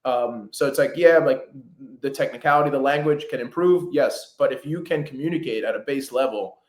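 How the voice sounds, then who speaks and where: A man who calls himself a fast talker, a real estate script trainer, chatting casually in an interview with many fillers and restarts. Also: medium pitch, darkish tone. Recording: roomy echo.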